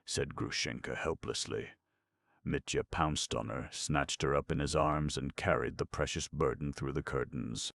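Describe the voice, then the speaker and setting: A man reads a novel aloud in a measured, steady way. His voice is very deep with a gravelly fry, and the recording is dry and close with no room sound. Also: dry recording. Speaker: audiobook narrator. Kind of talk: scripted narration.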